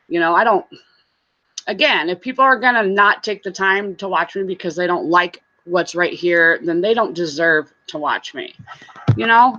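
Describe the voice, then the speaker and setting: Woman, bright tone, casual livestream chat, slightly dull lo-fi mic. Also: lowish voice. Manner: chatty, greets viewers, laughs often. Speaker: vlogger hosting a livestream.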